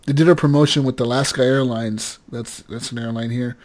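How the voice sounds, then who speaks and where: A man from Oregon co-hosting a gaming podcast in loose, profane, animated banter. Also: medium pitch, fairly quick. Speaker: podcast co-host. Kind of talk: casual chat.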